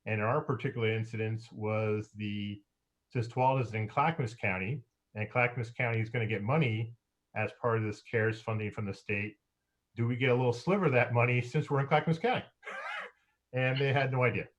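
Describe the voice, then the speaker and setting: Male mayor, halting council report full of fillers, middle pitch. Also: muffled recording. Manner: halting, many fillers, occasional laughs.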